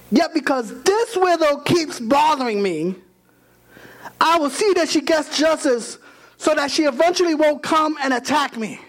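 Preacher, high voice, sermon, conversational asides, impassioned, repetitive appeals. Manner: impassioned, building to crying shouts.

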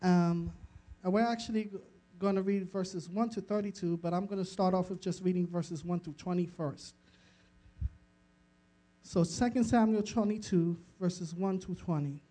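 A man's voice: high voice, moderate pace, mellow. A man preaching a sermon, telling a personal story with frequent laughter, acting out conversations and stumbling over restarts. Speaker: pastor.

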